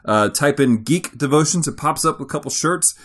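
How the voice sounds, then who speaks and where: A man's voice: on the high side, fairly quick, a bit bright, breathy edge. A man co-hosting a podcast in casual, upbeat chat, playful and talkative. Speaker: podcast co-host.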